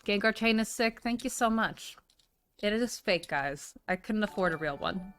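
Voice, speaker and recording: She's a chatty streamer with a medium-pitched, expressive, slightly bright voice at a moderate pace. Swearing plenty, she keeps the stream talk casual and pours out thanks for donations.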